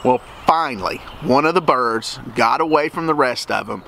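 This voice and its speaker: A man's voice: mid-range voice, expressive, moderate pace, creaky, bright, forceful tone, slight background noise. A man giving matter-of-fact voice-over narration for a hunting show.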